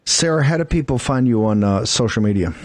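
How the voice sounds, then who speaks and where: A man's voice: mid-range voice, lively intonation, a little fast. A man hosting a talk radio show, blunt and emphatic, firing off asides as he interviews his guests.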